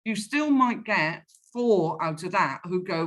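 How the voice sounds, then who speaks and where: A woman's voice: lowish voice, measured pace. A woman, a sales professional, chatting in an interview and acting out old phone calls as she tells them. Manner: animated storyteller, acts out phone calls. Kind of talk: casual interview chat.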